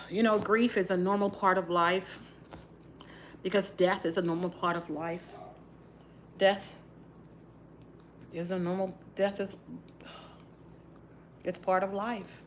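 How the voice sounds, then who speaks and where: A woman's voice: mid-range voice, steady tone, slow pace, long pauses. Middle-aged woman from Texas, livestream chat, subdued and sighing, close to tears; faint background noise. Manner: sighing often, subdued and grieving, talks while twisting her braids. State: holding back tears. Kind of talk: casual livestream chat while doing her hair.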